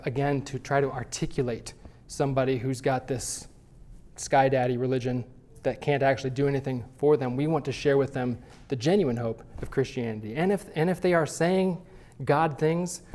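A man with a mid-range, slightly dark voice teaches a Sunday school class at church. He talks conversationally and often restarts his phrases.

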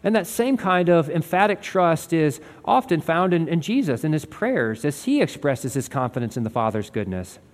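A man's voice: fairly high pitch, big pitch swings, moderate pace, few pauses, big-room sound. A man preaching a sermon as a pastor, earnest and conversational, asking his listeners rhetorical questions.

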